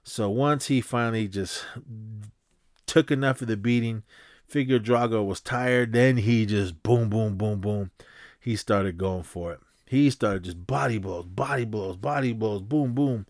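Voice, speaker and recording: A man hosting a podcast, casually retelling a movie fight with punch sound effects and quick impressions of the characters. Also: fairly low pitch, no room sound, studio quality. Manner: animated, acts out punches with sound effects and quoted lines. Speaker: podcast host.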